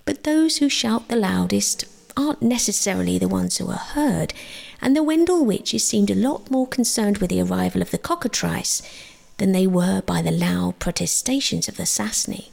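A woman reading her own sleep story aloud, gentle and slow, often dropping into a whisper. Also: mid-range voice, lively intonation, creaky. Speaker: storyteller and author.

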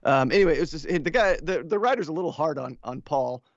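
A man talking as a podcast guest in casual chat, thoughtful and measured, with some hesitation. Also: a little high, expressive, no echo. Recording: dry, slightly dull audio.

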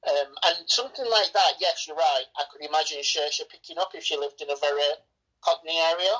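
Low husky sweary Englishwoman. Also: fairly quick, fairly bright tone, poor audio. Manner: blunt, sweary, enthusiastic. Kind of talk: casual film review chat.

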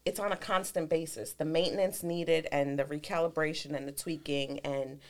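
A woman with a notably low voice, chatting on a podcast in a reflective, probing way. She presses with follow-up questions and affirms her co-host's points. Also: fairly even intonation, normal speed, darkish tone. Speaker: podcast co-host. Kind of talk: casual chat.

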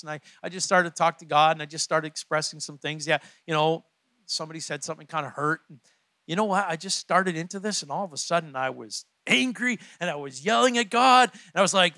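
A man's voice: high voice, quick pace, bright, forceful tone, no echo. A male pastor preaching a conversational sermon to his church, often repeating his words as he goes. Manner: conversational, repeats words, laughs between points.

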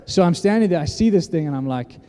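Man, preacher, animated storyteller, dark mellow tone, long hall reverb. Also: sits high, fast talker. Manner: animated storytelling, acts out dialogue. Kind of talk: sermon.

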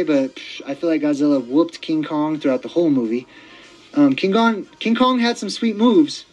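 Male podcast host, higher-pitched, rambling excitable monologue, lots of fillers and restarts. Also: slightly rough, rough recording. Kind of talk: casual monologue.

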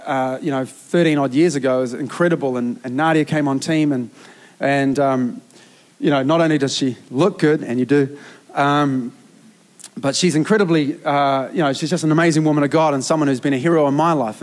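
A middle-aged man, preaching a sermon as a youth pastor, earnest and emphatic with frequent restarts. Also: a little high.

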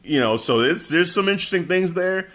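A man's voice: high voice, expressive, fairly quick, fairly bright tone. A man hosting a casual chat, rambling and correcting himself as he asks questions.

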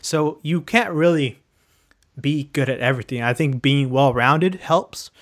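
A man's voice: medium pitch, measured pace, a bit bright. A man in casual chat, speaking hesitantly with frequent restarts and fillers. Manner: hesitant, many restarts and "you know".

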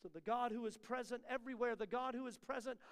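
A man preaching to a church congregation, his voice set very high with a gravelly rasp. He builds repeated refrains toward a peak and then falls back into soft asides. The sound carries a long reverb from the sanctuary. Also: fast. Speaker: pastor. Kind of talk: sermon.

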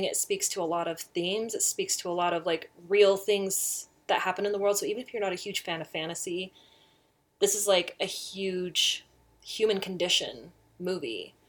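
A middle-aged woman telling a personal story in a chatty, animated way, laughing often. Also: medium pitch. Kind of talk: casual storytelling.

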